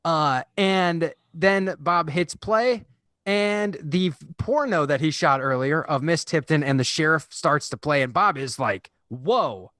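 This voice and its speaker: A man's voice: a little high, unhurried, no echo, studio quality. A man co-hosting a podcast, retelling a film scene by scene and acting out the characters' lines in casual chat. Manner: animated storyteller, acts out characters' lines. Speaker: podcast co-host.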